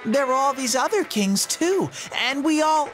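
Goofy flirty bear mascot guy, high and singsongy, drawls slow. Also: expressive, fairly bright tone, soft background music. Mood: dreamy, goofy. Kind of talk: video game voice acting.

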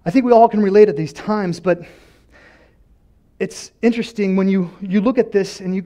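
A male pastor preaching a sermon with passion, dropping to quiet talk and rising to shouted prayer, often repeating words as he restarts. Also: on the high side.

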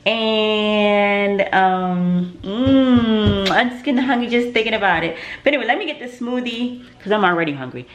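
A woman's voice: mid-range voice, moderate pace, few pauses. A young woman, chatting casually to camera in her home kitchen, laughing often and calling her viewers "y'all.". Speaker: vlogger, mother.

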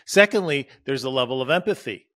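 Male podcast host, mid-pitched, earnest, animated, dry close-mic studio sound. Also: fairly quick, dry recording. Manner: earnest and animated, acting out scenes with sudden high bursts. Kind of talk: solo motivational podcast talk.

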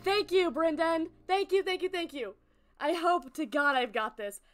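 A woman game streamer chatting excitedly with her viewers while playing, laughing often. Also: extremely high pitch, normal speed, soft background music. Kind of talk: excitable live-stream chat.

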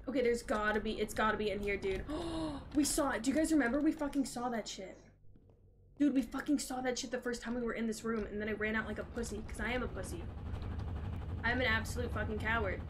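A woman's voice: fairly high pitch, normal speed, a little hiss or hum. A young woman streaming a horror game, cursing and talking back at the monster chasing her. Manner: jumpy, swearing, talks back at the game. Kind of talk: live gameplay commentary. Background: faint game music.

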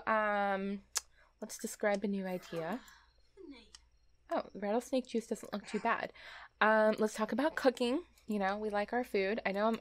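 A woman giving casual, chatty commentary while playing a game, talking to her characters, often laughing and repeating herself in exasperation. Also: mid-range voice. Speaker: let's play host.

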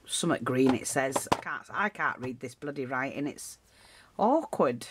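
A woman's voice: very deep voice, lively intonation, unhurried, a little hiss or hum. A woman giving a casual, rambling craft tutorial, full of asides and restarts.

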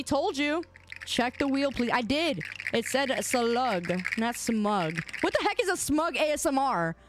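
A woman game streamer in casual live-stream chat, playful and teasing, arguing loudly with her chat. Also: high voice, background noise. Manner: playful, teasing and argumentative, loud when riled.

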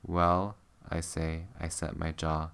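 A man reading a novel aloud in a calm, steady voice, meant to help listeners sleep. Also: low-pitched, a little slow, creaky, smooth. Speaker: reader.

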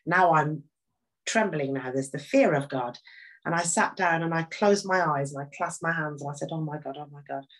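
Interview guest: woman, low voice, candid and animated testimony. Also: normal speed, rough recording. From Birmingham, England. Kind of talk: personal faith testimony.

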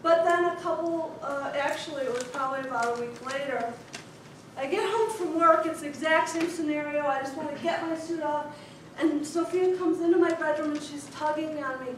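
A woman in her thirties from Chicago, giving a humorous speech to an audience with a wry, deliberate storytelling manner. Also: high-pitched, steady tone. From Chicago, USA. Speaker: contest speaker. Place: large echoey hall before an audience. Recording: echoey hall, distant mic, noisy.

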